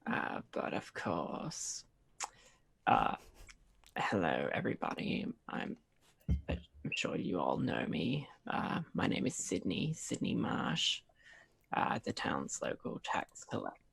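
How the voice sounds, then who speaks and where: A man's voice: huge pitch swings, slow pace, fairly bright tone, no echo, full character voice. Man doing a slimy whispering tax collector. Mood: oily. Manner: low, breathy, oily murmur.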